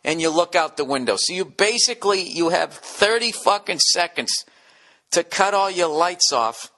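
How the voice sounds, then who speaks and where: A man's voice: high-pitched, animated, moderate pace. A man hosting a solo podcast, rambling and ranting with lots of swearing and acting out little scenes. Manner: profane, ranting, acts out bits in character voices; drops to a hushed near-whisper in acted scenes. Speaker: podcast host.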